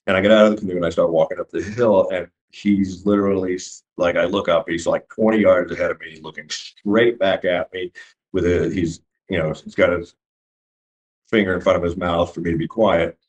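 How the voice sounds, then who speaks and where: A middle-aged man with a deep, low voice tells his story in an unpolished, casual way. He stops and restarts often and acts out the lines of dialogue. The recording sounds dull and lo-fi. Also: steady tone, fairly quick. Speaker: eyewitness telling his story.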